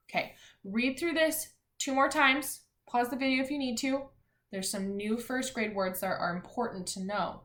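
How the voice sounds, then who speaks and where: A woman teacher giving a phonics and spelling lesson to young children, talking clearly and encouragingly. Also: fairly high pitch, moderate pace, fairly bright tone. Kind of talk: early-grades phonics lesson. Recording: echoey room.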